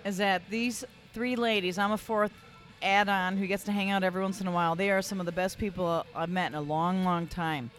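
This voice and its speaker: A woman's voice: medium pitch, fairly even intonation, fairly quick. A woman guest on a casual podcast chat, talking in a gushing, enthusiastic way.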